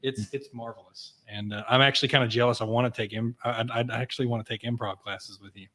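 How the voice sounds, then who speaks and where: A man hosting a casual podcast from a cigar lounge studio. His voice sits at an ordinary middle pitch, and he keeps things light with playful, teasing jokes. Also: steady tone, fast talker, a bit bright. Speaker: podcast host. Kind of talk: casual chat.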